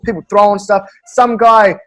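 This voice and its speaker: An Australian man, a stand-up comedian, telling animated stories in casual chat with quick restarts and laughs. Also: high-pitched. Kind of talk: casual storytelling.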